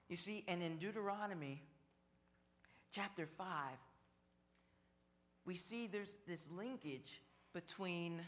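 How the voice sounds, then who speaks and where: A man preaching a sermon, slow and measured, building on repeated phrases. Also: sits high, a bit bright. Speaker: pastor.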